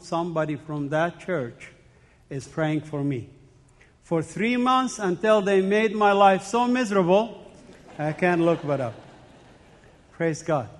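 A middle-aged man giving an earnest, emotional church testimony, often repeating himself and restarting phrases. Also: a little high. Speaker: speaker giving his faith testimony. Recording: long hall reverb.

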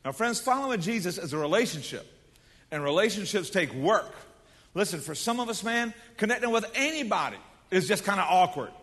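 Folksy preacher in a big hall. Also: male voice, high-pitched, fairly quick. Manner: folksy, animated preaching with asides. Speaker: pastor. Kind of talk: sermon.

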